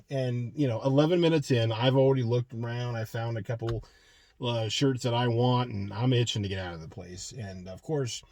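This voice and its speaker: A man's voice: medium pitch, dry recording. A man hosting a show, telling a profane comic rant story full of restarts. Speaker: show host.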